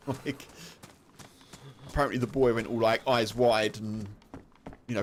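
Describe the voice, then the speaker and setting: A man's voice: medium pitch, steady tone, unhurried, long pauses, a little hiss or hum. Chatty British man streaming a game. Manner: chatty, laughing, rambling, full of fillers. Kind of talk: casual chat while streaming a game.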